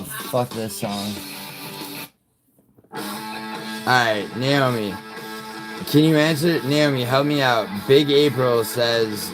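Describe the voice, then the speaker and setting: A New York man hosts a casual livestream, rambling and swearing as he reads and answers chat aloud while music plays behind him. His voice is lowish, and the recording sounds rough.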